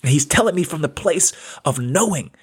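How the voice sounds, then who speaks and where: A man's voice: on the high side, animated, brisk, husky. A man in his thirties hosting a spiritual self-help podcast, earnest and casual, repeating phrases for emphasis. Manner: earnest, repetitive, casual slang. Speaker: podcast host.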